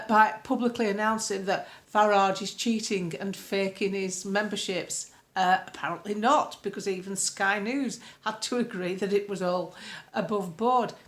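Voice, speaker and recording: A woman from the UK, a political commentator, recording a blunt, opinionated vlog monologue at home with colourful sayings. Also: mid-range voice. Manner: blunt, colloquial, earthy sayings.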